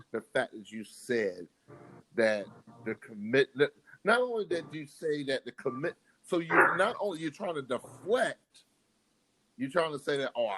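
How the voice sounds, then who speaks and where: Animated male co-host, heated rant, wide-ranging somewhat high voice. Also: a little hiss or hum, rough recording. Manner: animated ranting, exasperated, repeats words. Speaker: podcast co-host. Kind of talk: heated casual sports chat.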